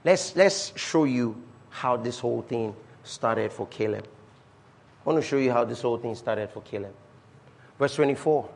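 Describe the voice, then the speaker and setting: A man preaching a sermon as pastor, emphatic, with repeated refrains and swings from loud declarations to quiet asides. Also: medium pitch, moderate pace, creaky.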